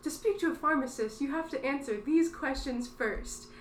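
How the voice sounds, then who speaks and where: Brief: cold, slow female phone robot, high voice, echoey room, as a woman mocks it. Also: a little hiss or hum, lightly acted. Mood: mock-robotic.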